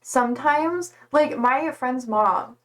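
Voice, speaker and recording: Giggly young woman streamer, fairly high voice. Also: takes it slowly, fairly bright tone. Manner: rambling and giggly, heavy use of "like"; swears casually. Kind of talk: casual live-stream chat.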